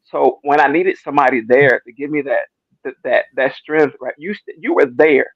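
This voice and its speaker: A man's voice: medium pitch, normal speed, no echo, highs cut off. A man giving an emotional church testimony, stammering and repeating himself, close to tears. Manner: repetitive, stammering, keeps asking "you know what I'm saying". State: near tears. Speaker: speaker in a church discussion.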